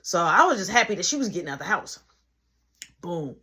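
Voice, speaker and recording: A man telling a comedic story from his childhood, animated and acting out each person. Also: high-pitched, fairly quick, slightly rough. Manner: animated, acts out every voice.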